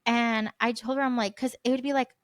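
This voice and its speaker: A woman's voice: a little high, fairly quick, dry recording. A young woman hosting a podcast, telling a story in casual chat, acting out quotes and filling her talk with "like.". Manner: animated storyteller, acts out quotes, many "like" fillers. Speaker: podcast host.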